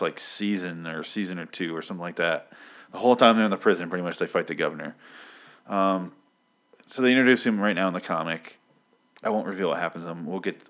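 A man's voice: sits low, fairly bright tone. A man casually recapping a comic book, sarcastic, rambling and swearing freely.

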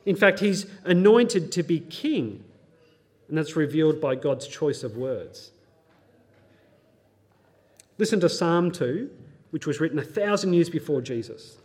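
This young pastor's voice sits a touch high and a little mellow as he teaches earnestly, expressive and unhurried with long pauses. Between readings of scripture he offers plain explanations, sometimes tossing in a geeky pop-culture aside.

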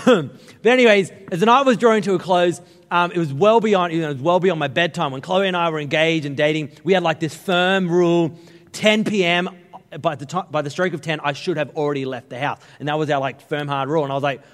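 A man's voice: a little high, brisk, long reverb tail. A man in his thirties, a pastor giving a conversational, humorous sermon with stories. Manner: conversational, humorous storytelling preaching.

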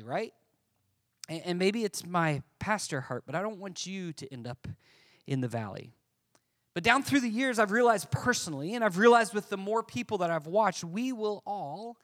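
Man, pastor, high voice, animated emphatic sermon, church service. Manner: animated, emphatic, addresses congregation.

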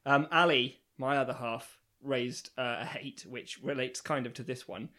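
A man co-hosting a casual comedy podcast, quick to laugh and to chip in with short jokes. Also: mid-range voice, fairly even intonation, pushed and bright. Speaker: podcast co-host.

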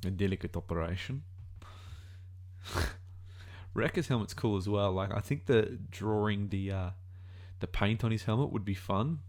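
Man, 20s, Australian accent, fairly low voice, rambling reaction commentary, thinking aloud. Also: darkish tone. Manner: musing aloud, rambling, self-correcting. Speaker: video reactor.

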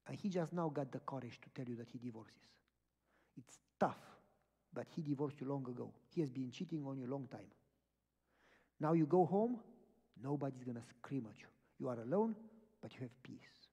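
A man's voice: medium pitch, lively intonation, normal speed, warm tone, slightly rough. A man preaching a sermon, telling a story with emphatic repeated phrases. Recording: long hall reverb.

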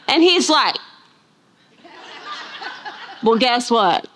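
A woman's voice: a little high, slow, pauses often. A middle-aged woman teaching a Bible lesson, telling stories and acting out the people she quotes. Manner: animated storytelling, acts out quoted voices. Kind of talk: sermon.

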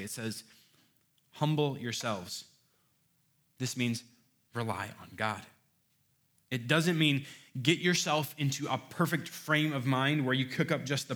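A man preaching a sermon, emphatic and building to loud rhetorical questions, often repeating words as he starts a phrase. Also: medium pitch.

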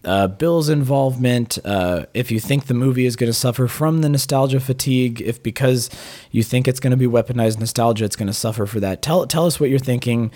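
A man hosting a podcast in casual chat, hoarse and raspy, rambling with frequent restarts. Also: medium pitch, a little fast, few pauses, a little mellow. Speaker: podcast host.

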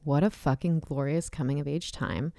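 Low-voiced woman chatting candidly. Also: fairly even intonation, moderate pace, vocal fry, warm tone, dry recording, studio quality. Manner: candid, swearing, laughing often. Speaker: podcast host. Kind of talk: casual chat.

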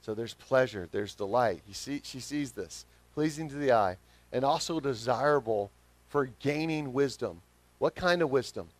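A man with a Southern accent preaching a sermon as pastor, swinging from quiet reflection to emphatic, rising calls. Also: medium pitch, lively intonation, moderate pace, no echo. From Southern United States.

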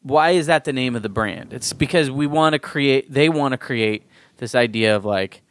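A man hosting a podcast in casual chat, talking in an animated, excitable way that jumps up in pitch when he makes a point. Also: normal speed, smooth, dry recording. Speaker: podcast host.

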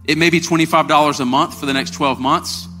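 A man preaching a sermon as pastor, conversational and calling the congregation y'all, with his voice climbing high and emphatic as he retells stories. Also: fairly quick. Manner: rising to an excited, emphatic pitch when retelling stories. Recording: long hall reverb with faint music.

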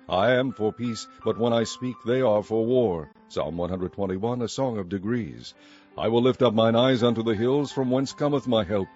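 A man giving a measured, solemn scripture reading. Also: on the low side, darkish tone. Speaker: scripture reader. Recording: dull lo-fi dry recording.

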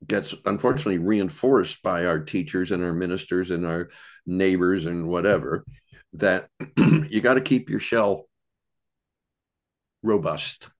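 A man past middle age speaks in a very low voice, drifting through memories with pauses and self-corrections. He is a podcast guest in a relaxed, thoughtful conversation. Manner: meandering, thoughtful, with many restarts and pauses. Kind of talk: reflective storytelling conversation.

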